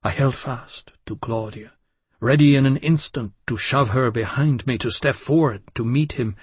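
A man giving a measured, intense first-person audiobook narration of a dark story. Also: medium pitch, slightly rough, dry recording.

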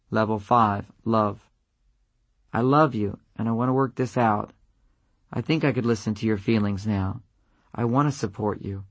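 A man reading an audiobook aloud in a measured, even manner, narrating example letters. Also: mid-range voice, slightly rough, no room sound. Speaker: audiobook reader.

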